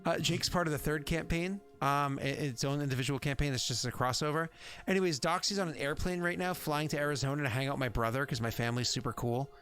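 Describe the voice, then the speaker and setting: A man's voice: on the high side, fast talker, a bit bright, faint music behind. A man running a tabletop game on a stream, rambling and chatty with plenty of filler words. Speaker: game master.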